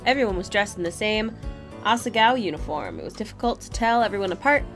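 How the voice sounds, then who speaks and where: A woman's voice: mid-range voice, lively intonation, fast, soft background music. A woman playing a visual novel, reading its text aloud and breaking off to comment with giggles.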